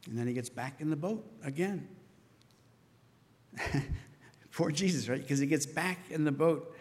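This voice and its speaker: A man delivers a sermon in a slightly higher than usual voice, carried by the long echo of a church sanctuary. He tells the story with lively asides, acting out the disciples' voices as he goes. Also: slow pace, creaky, pauses often. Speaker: pastor.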